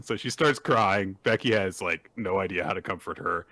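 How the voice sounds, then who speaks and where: A man's voice: low-pitched, moderate pace, no echo. A man co-hosting a podcast, recapping manga chapters in casual chat and acting out the scenes. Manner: animated, acts out the scenes. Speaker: podcast co-host.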